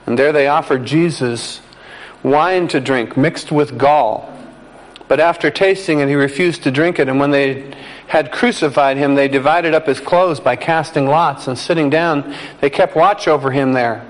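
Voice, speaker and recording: A man preaching a sermon, reading scripture slowly and deliberately, with calm conversational asides. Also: on the high side, rough recording. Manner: slow, deliberate reading with emphatic pauses.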